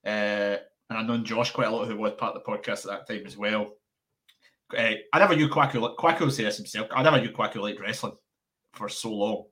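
Young man, bright tone, guest in a relaxed interview chat, rambles animatedly. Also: fairly low pitch, brisk. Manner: rambling, restarts often, animated. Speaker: podcast founder.

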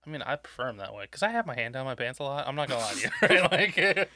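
A man's voice: medium pitch, big pitch swings, fast talker, sharp tone. A man in casual, profane podcast chat, laid-back and laughing often. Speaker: podcast co-host.

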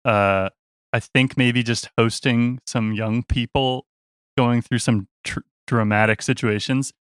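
A man in a band telling a tour story in a casual, animated way, often laughing and acting out the other people's voices. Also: medium pitch, takes it slowly, smooth, no echo, clean studio sound.

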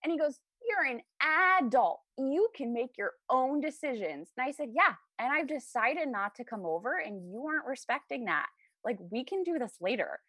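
A lively young woman tells stories casually as a podcast guest, speaking at a moderate pace and laughing often. Her pitch jumps up and down as she animatedly acts out the lines of people in her tale. The recording is dry and close, with no room sound at all.

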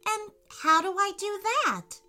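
Brief: woman doing a worried little girl, high, lively and bright. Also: slow pace, faint music behind, full character voice. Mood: puzzled. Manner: high pleading childlike voice. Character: young girl, worried and tearful.

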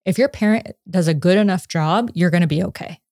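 A psychotherapist in her thirties chats on a podcast and tells a personal story with energy, slipping into voices for the people in it and laughing as she goes. Her voice sits a little low. The sound is close and dry. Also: brisk, dry recording. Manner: animated storytelling, acts out quotes, laughs often. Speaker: psychotherapist guest. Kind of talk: casual podcast conversation.

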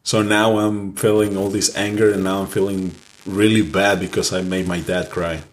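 A young man with a very deep, low voice tells a personal story on a casual podcast. He speaks candidly and with feeling, cursing freely as the memory builds. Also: little pitch movement, normal speed. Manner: candid, emotional personal storytelling with frequent swearing. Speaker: podcast co-host.

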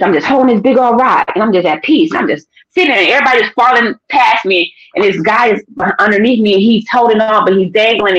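A woman shares a personal story in casual, lively talk, jumping into the voices of the people she quotes. The recording sounds somewhat dull and muffled. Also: medium pitch. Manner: animated storytelling, acting out quotes. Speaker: podcast guest. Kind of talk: casual testimony.

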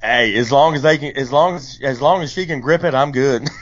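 A man's voice: mid-range voice, brisk. A man co-hosting a podcast in casual banter, laid-back and laughing easily. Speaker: podcast co-host. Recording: dull lo-fi podcast audio.

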